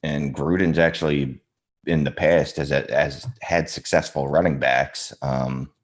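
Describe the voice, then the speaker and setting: Very deep-voiced man reasoning aloud. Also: steady tone, a little slow. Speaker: fantasy football panelist. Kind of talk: casual podcast chat.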